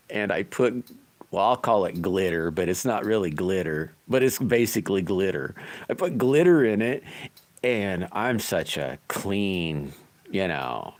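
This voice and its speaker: A man hosting a casual livestream while working at his bench, chatting in a rambling, folksy way and chuckling at himself. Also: fairly low pitch. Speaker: livestream host making slingshots.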